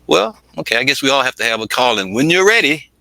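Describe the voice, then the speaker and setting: Very animated and fast, the middle-aged Atlanta man speaks at medium pitch with a gravelly, sharp edge, over a little hiss or hum on a rough recording. As a music project manager guesting on a storytelling interview, he chats, laughs often and performs voices.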